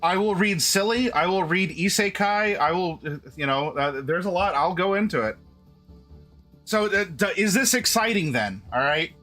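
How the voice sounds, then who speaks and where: Chatty high-voiced man streaming live. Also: expressive, moderate pace, sharp tone, soft background music. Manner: chatty, restarts often, addresses chat directly. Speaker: streamer host. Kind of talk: casual live-stream chat.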